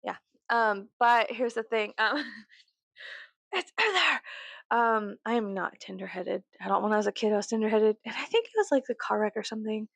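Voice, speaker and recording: A young woman with a Southern US accent, chatting casually to camera in her bedroom, rambling and profane, with sudden loud high outbursts. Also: brisk, vocal fry, no echo. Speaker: vlogger.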